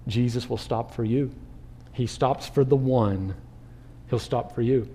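A man preaching a sermon as pastor, animated, asking the listeners questions and acting out crowd voices. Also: mid-range voice, unhurried, a little hiss or hum.

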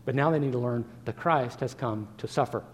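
A man's voice: mid-range voice, brisk, big-room sound. A man preaching a sermon as pastor, earnest and full of rhetorical questions.

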